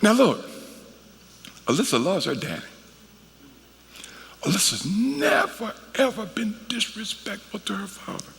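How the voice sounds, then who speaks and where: A middle-aged man tells a story from the pulpit in a folksy, conversational way, throwing asides to the congregation. His voice sits high and swings widely, with a gravelly edge, and it rings out through a large reverberant worship hall. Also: a little slow, pauses often. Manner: animated, folksy, conversational preaching with asides to the crowd. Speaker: guest preacher. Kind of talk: storytelling sermon.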